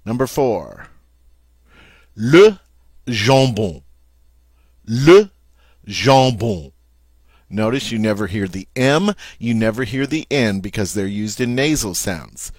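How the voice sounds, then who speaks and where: A man teaching French vocabulary, repeating each word slowly and with emphasis. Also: on the low side, no echo, studio quality. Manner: slow, careful, emphatic repetition of words. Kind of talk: vocabulary lesson.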